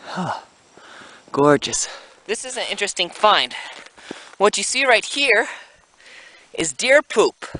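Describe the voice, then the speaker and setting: A man's voice: high voice, very animated, slow pace, pauses often, sharp tone, slight background noise, rough recording. A man from Canada narrating a casual outdoor vlog in a snowy forest, talking through each task and marveling at the scenery. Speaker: vlogger.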